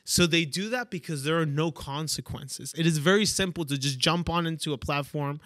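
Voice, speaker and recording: A man's voice: on the high side, moderate pace, fairly bright tone, dry recording. Emphatic motivational man, dry close sound. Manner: emphatic, repeats "okay?" and "right?" for emphasis. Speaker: podcast host. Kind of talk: motivational monologue.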